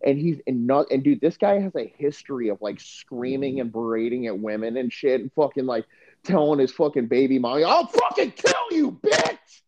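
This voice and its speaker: This podcast co-host is a young man with a mid-range, dark-toned voice who talks fairly quickly. He rambles and swears in casual conversation, dropping "dude" again and again, all captured in dull lo-fi audio.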